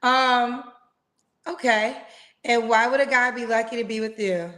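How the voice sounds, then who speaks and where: Woman host, high voice, playful slangy chatter on a video call. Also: steady tone, measured pace, fairly bright tone. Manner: chatty and playful, uses slang like "child" and "girl". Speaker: host of a live singles dating show. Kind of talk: casual live-stream chat.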